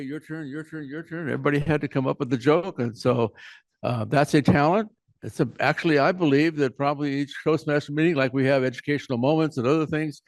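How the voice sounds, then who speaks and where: A man's voice: mid-range voice, no room sound. A man chairing a speakers' club meeting in a casual, rambling way, often restarting his sentences.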